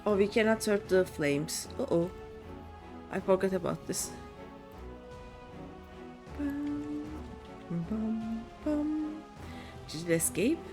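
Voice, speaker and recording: A woman's voice: medium pitch, moderate pace, music in the background. A woman streamer casually commenting on her game, humming and muttering playfully as she plays. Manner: playful, hums and mutters while playing.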